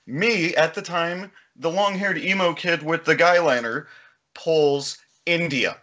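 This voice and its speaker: A man's voice: fairly high pitch, slow, pushed and bright, muffled recording. A man telling a story as a podcast guest in casual chat, laughing often.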